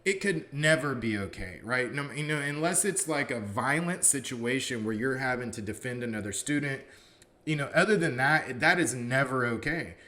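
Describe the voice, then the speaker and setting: This man, a college philosophy professor, has a mid-range voice that's animated and sharp, moving at a moderate pace. He tells his story casually, peppering it with "you know" and performing each quoted line as the characters would say it.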